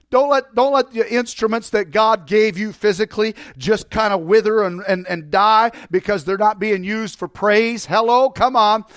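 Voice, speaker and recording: A man's voice: sits high, fairly bright tone, dry recording. A man preaching fervently to his church, exhorting the congregation and breaking into song. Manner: preaching with urgent repetition. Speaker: pastor. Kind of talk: sermon. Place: church sanctuary.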